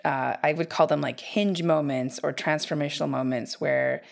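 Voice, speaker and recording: Low-voiced woman reflecting as host. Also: fairly even intonation, moderate pace, creaky. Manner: thoughtful, reflective remarks. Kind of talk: reflective conversation.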